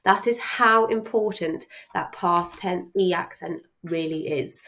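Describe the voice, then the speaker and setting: A woman's voice: medium pitch, unhurried, few pauses, fairly bright tone, rough recording. Reassuring woman teaching French. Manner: reassuring, chatty, emphatic. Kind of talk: exam revision lesson.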